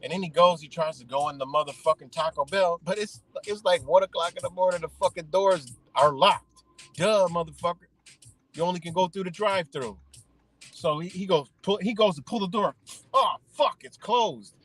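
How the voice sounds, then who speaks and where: A man telling a casual, profane, animated story while driving. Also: sits high, fairly quick. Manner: profane, animated, acts out the other people's lines.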